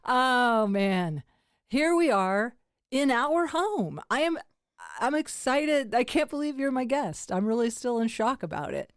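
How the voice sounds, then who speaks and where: A woman's voice: fairly high pitch, lively intonation, measured pace, no room sound, studio quality. An older woman hosting a comedy podcast at home, chatting casually and laughing often. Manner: laughs often, self-deprecating.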